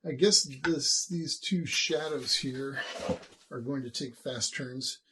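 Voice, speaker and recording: A man runs a tabletop game as game master, his voice sitting at a middle pitch. He is wry and casual, thinking aloud as he works through combat. The binaural recording carries a faint background hiss. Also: takes it slowly, sharp tone.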